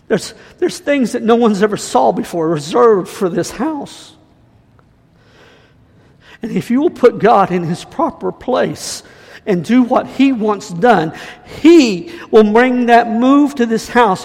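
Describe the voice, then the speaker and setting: A man's voice: sits high, creaky, darkish tone. A man preaching and declaring over a congregation in a fervent, repetitive style. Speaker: guest preacher. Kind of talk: sermon and prophetic declaration. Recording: hall reverb.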